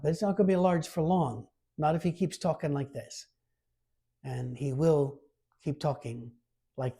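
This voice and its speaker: A male pastor giving a sermon in an easy, conversational way. His voice is warm and a little husky, and he leans into scripture readings with extra emphasis. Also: a little high. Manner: informal and lively, reads scripture aloud with emphasis.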